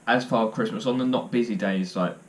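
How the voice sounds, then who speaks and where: A man's voice: on the low side, brisk. A young man chats straight to camera, telling stories and cracking jokes at his own expense. He rambles loosely and fills the gaps with ums and uhs. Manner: jokey, self-deprecating, rambling with fillers. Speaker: vlogger. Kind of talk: casual storytelling to camera.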